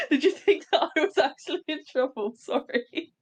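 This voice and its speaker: Podcast co-host, animated pitch, frequent laughter, swearing, casual chat. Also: moderate pace. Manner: laughs often, swears, reacts loudly.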